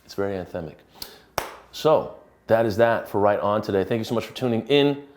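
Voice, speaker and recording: A musician talking casually about a song he is writing, rambling and relaxed with many restarts. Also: lowish voice, fairly quick, slight background noise. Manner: swears casually. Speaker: musician and songwriter.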